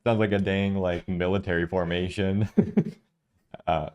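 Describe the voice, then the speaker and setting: Deep-voiced laid-back man. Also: steady tone, unhurried, a little mellow, muffled recording. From Minnesota, United States. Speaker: reaction video co-host. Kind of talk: casual reaction chat.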